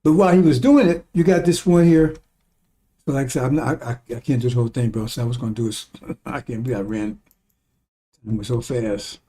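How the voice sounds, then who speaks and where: This religious teacher talks informally, rambling and emphatic, and he swears once he gets worked up. His voice is medium in pitch, brisk and steady, with a dark tone.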